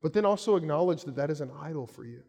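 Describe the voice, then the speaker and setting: Pastor preaching in a reverberant hall. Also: male voice, on the high side, lively intonation, racing. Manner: conversational storytelling, shouts when acting out quotes. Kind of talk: sermon.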